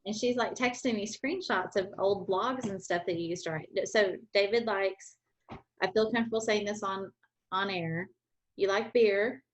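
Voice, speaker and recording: A woman's voice: medium pitch, normal speed. A middle-aged woman, co-hosting a podcast and telling rambling stories in casual chat. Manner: rambling, conversational with many asides. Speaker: podcast co-host. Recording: dull, slightly muffled sound.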